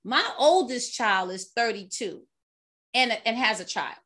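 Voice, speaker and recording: Brief: woman, 50s, high voice, lively chatty storyteller. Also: a little slow. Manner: animated, laughing storyteller. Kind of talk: casual chat, storytelling.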